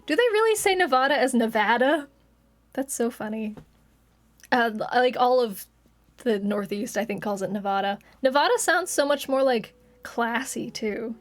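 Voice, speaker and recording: A woman's voice: fairly high pitch, animated, moderate pace, faint music behind. A young woman from Texas chatting casually with viewers on a live stream, giggling and laughing often.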